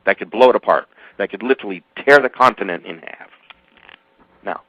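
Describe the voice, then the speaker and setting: An older man, an author being interviewed on the radio, talking emphatically and at rambling length, his pitch jumping suddenly. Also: fairly quick, pushed and bright, dry recording. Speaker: author and guest. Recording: dull, dry radio audio.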